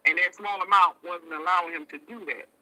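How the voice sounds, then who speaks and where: A man's voice: sits high, fairly even intonation, fairly quick, pushed and bright, a little hiss or hum. A man calling into a show by phone, explaining at length and often agreeing with "right". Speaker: caller. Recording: tinny phone line.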